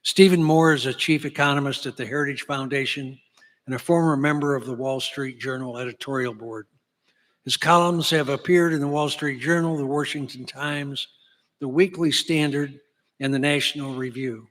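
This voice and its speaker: Emcee, male, measured formal read-aloud introduction, long hall reverb. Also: medium pitch, fairly even intonation, fairly bright tone. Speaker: event emcee. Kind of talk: reading a speaker introduction. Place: large banquet hall.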